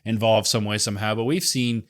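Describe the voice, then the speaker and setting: A man's voice: on the low side, fairly even intonation, brisk, fairly bright tone. A man co-hosting a podcast, chatting casually about wrestling and thinking aloud with hedges and restarts. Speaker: podcast co-host.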